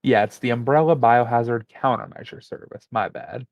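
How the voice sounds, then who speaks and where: A man's voice: mid-range voice, moderate pace, gravelly, dry recording. Casual podcast guy, dull dry sound. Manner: relaxed, rambling, looks things up as he talks. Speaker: podcast co-host. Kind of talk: casual chat.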